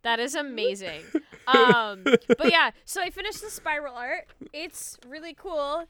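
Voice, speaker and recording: A woman co-hosting a podcast in casual chat, animated and quick to exclaim. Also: high voice. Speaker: podcast co-host.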